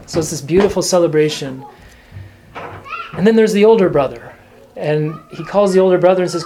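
A man giving an earnest, informal teaching talk as an Orthodox Christian, speaking in short, gentle phrases. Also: fairly high pitch, fairly quick, a little hiss or hum.

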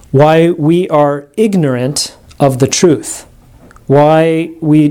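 In a small classroom, a male religion teacher delivers a lecture full of false starts and tangents as he thinks aloud. The voice is a little high, with a dark quality.

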